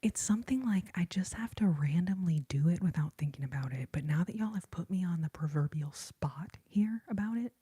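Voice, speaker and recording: A young woman whispers a relaxed ASMR chat right up close to the mic. Her voice is very airy and husky, with a mellow, dark, slightly low tone. She talks in a soft, chatty, giggly way. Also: brisk, hardly any pauses. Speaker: ASMR host.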